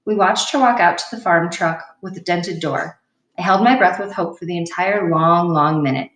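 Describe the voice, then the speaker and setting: A woman's voice: fairly low pitch, normal speed, a bit bright. Woman reading a novel in a roomy room. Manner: plain, unpolished reading with an occasional slip. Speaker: audiobook reader. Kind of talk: reading a children's novel aloud. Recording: roomy sound from a distant mic.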